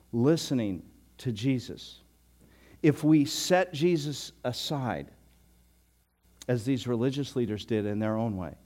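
An older man preaching a sermon as a pastor, telling stories with chuckles and frequent word restarts. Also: medium pitch. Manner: storytelling with chuckles, animated and loud in anecdotes; repeats words, restarts.

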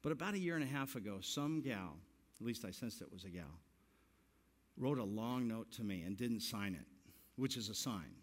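Animated man in his sixties preaching. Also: lowish voice, normal speed. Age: 60s. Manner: animated, self-mocking storyteller who laughs through his lines. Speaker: pastor. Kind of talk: sermon with personal storytelling.

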